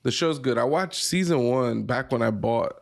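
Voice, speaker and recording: A man's voice: mid-range voice, normal speed, creaky. A man co-hosting a podcast, telling a rambling, profane story in casual chat. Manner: rambling, profane, laughs a lot. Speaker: podcast co-host.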